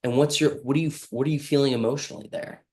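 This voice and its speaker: A man's voice: mid-range voice, steady tone, rapid-fire, darkish tone. A man speaking as a healing practitioner in a casual motivational monologue, earnest and rambling, with frequent restarts and lines he acts out himself.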